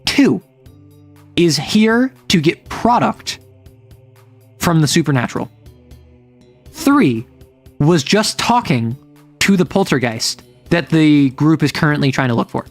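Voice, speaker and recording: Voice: mid-range voice, big pitch swings, slow pace, pauses often, soft background music. Chatty game master rambling through a recap. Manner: rambling, chatty, uses lots of "like". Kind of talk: casual storytelling recap of a tabletop game.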